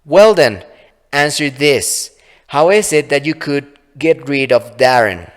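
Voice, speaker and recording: A man's voice: mid-range voice, expressive, takes it slowly, pitched above the performer's own voice. A man doing a frightened, defiant young woman. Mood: commanding. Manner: pleading, then commanding. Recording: long reverb.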